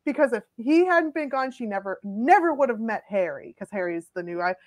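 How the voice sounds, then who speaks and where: A young adult woman telling funny personal stories in a casual, animated chat, full of "like" fillers. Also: fairly high pitch, a little fast. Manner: chatty, filler-heavy, animated.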